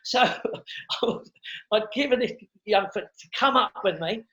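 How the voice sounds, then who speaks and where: A middle-aged man, a comedian, telling stories in a casual interview, animated and quick to repeat words and act out what others said. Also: high-pitched. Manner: animated storyteller who acts out quotes and repeats words. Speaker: comedian guest. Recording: dull lo-fi sound.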